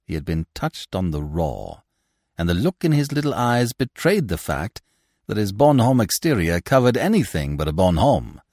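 Male audiobook narrator, deep voice, very animated pitch, dry close recording. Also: normal speed, no room sound.

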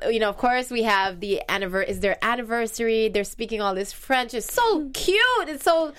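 A woman's voice: on the high side, expressive, moderate pace, clear, resonant tone. A woman co-hosting a casual show, chatting animatedly, laughing often and reading out listener comments. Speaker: podcast host. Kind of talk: casual recap chat.

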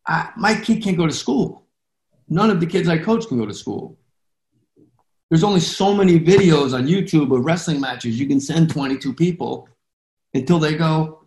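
A man's voice: a little high, lively intonation, normal speed, darkish tone. A man hosting an interview show, talking in a passionate, rambling and emotional way. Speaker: podcast host. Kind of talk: interview conversation. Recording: roomy echo.

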